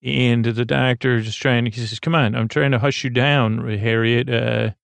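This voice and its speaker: Gravelly man rambling through a recap. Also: medium pitch, fairly even intonation, no room sound. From United States. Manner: halting, full of fillers and restarts. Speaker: podcast host.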